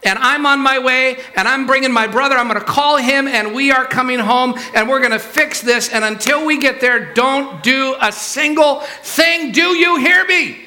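A frantic grown daughter takes charge, loud and commanding as she shouts her orders. A man puts her on, pushing his voice high and bright to play her. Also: moderate pace, hardly any pauses, heavily acted.

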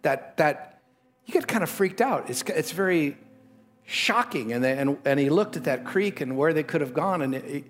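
A man's voice: fairly high pitch, animated, normal speed. Emphatic middle-aged male pastor preaching. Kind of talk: sermon.

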